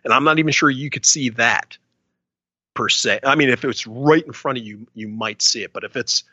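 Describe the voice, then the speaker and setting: A man's voice: medium pitch, normal speed, pushed and bright, dry recording, muffled recording. A man co-hosting a casual podcast, rambling and hedging with lots of filler phrases. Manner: rambling, hedging, many "you know"s. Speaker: podcast co-host. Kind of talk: casual chat.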